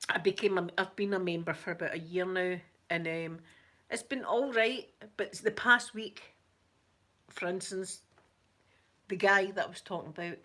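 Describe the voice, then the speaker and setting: A woman with a Scottish accent telling a story in a casual, chatty way, animated one moment and softly spoken the next. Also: lowish voice, normal speed. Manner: chatty, animated, with frequent laughter and soft asides. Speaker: ASMR channel host.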